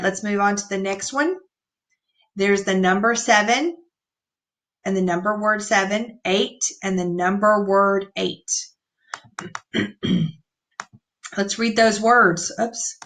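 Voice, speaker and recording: A woman's voice: mid-range voice, steady tone, a little slow, a bit bright. A woman teacher reading a picture book aloud to young children, patiently explaining the words and counting the numbers out.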